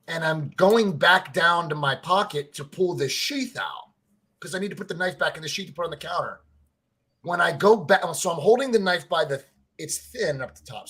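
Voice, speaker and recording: A man co-hosting a casual sports podcast, telling stories in an animated way, swearing freely and saying "like" and "right?" a lot. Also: on the high side, breathy edge. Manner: excitable, fan-to-fan talk addressing listeners as family. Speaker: podcast co-host.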